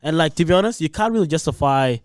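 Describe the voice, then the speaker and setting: A man's voice: fairly high pitch, animated, fast, clean tone, no room sound, studio quality. A man co-hosting a podcast in casual chat, slangy, repeating himself and checking that others follow. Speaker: podcast co-host.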